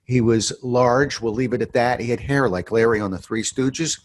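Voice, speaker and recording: A man, a sales trainer, answering interview questions as an animated storyteller who swings from low asides to loud emphatic points. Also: moderate pace, few pauses.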